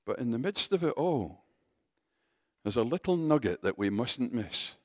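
A man preaching a sermon in a conversational, animated way, talking directly to his congregation. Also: medium pitch, normal speed, no echo, clean studio sound.

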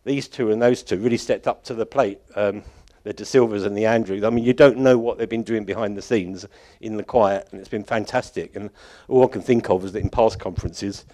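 A man with a slightly low voice speaks to a church conference crowd in a loose, off-the-cuff way. He circles back on his sentences, stumbles and chuckles to himself. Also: steady tone, fairly quick, hardly any pauses, mellow. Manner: rambling, self-correcting, chuckling often. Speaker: conference organiser addressing congregation. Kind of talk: informal closing address at a church conference.

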